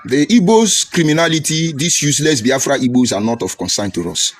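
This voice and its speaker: A man's voice: expressive, brisk. A middle-aged man with a Nigerian English accent giving an emphatic, lecturing political commentary broadcast. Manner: emphatic, swoops high and low, lecturing. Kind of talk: preachy opinion broadcast. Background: faint music.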